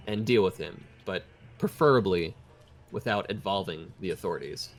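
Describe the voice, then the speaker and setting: A man as dungeon master, narrating and speaking for characters in a measured, expository way. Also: deep voice, animated, soft background music. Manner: expository, measured, with many fillers. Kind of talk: narrating a tabletop game in character.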